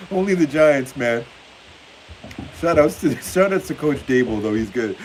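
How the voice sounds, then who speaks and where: A man's voice: medium pitch, animated, normal speed, darkish tone, low-quality recording. A man hosting a football livestream in casual chat, reading viewer comments aloud and laughing often. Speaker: livestream host. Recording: faint hiss behind the voice.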